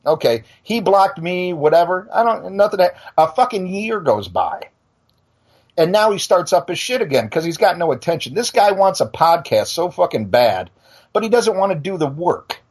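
A man's voice: sits high, very animated, normal speed, darkish tone. A middle-aged male podcast host on a blunt, profane rant, tripping into restarts as he talks. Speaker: podcast and radio show host. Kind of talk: heated casual rant.

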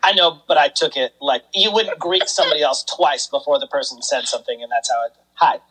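A man's voice: a little high, fast talker, pushed and bright, low-quality recording. A man co-hosting a podcast, musing over a comic in a rambling, thoughtful way with lots of fillers. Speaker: podcast co-host. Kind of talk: casual comic book discussion.

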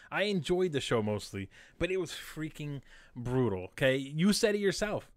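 A man co-hosting a casual podcast chat, ranting in an animated, sarcastic way. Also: fairly high pitch, dry recording, clean studio sound. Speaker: podcast co-host.

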